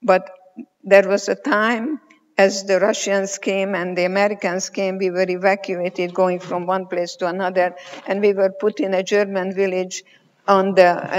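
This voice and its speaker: A woman in her eighties, a psychologist, giving a motivational conference talk, telling stories slowly and emphatically with pauses. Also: medium pitch. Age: 80s. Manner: slow, emphatic storytelling with pauses. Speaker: keynote speaker, psychologist. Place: large conference hall. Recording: reverberant hall, muffled sound.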